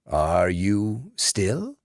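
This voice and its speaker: A man voicing a courteous old grandfather who speaks slowly and formally. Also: lowish voice, huge pitch swings, dry recording, clean studio sound, full character voice. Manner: slow, gracious, formal.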